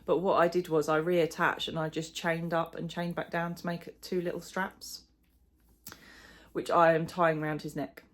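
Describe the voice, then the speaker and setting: A woman's voice: low voice, flat delivery, moderate pace. A middle-aged woman chatting casually in a crochet vlog, rambling and self-deprecating, with plenty of fillers. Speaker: crochet vlogger. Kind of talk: casual chat.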